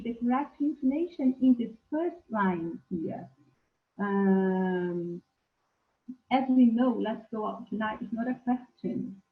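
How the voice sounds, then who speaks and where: A woman giving a webinar lecture as a teacher trainer, slowly asking questions and taking up answers from attendees. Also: a little high. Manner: slow, questioning, reads out learners' answers. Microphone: video call. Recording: echoey, tinny video call.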